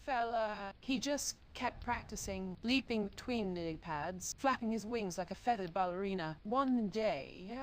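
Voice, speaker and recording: A synthetic-sounding woman streamer tells playful, punny stories to her live chat in a mid-pitched voice. Her delivery is upbeat, with bouncy swings in pitch. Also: a little slow, few pauses, a little hiss or hum, rough recording.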